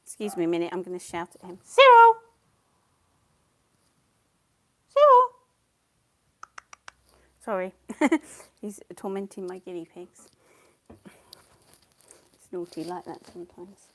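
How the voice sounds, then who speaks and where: A woman's voice: lowish voice, steady tone, normal speed, a little mellow, a little hiss or hum. A woman chatting casually on a live stream at home, greeting viewers by name and giggling as she paints. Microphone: clip-on mic.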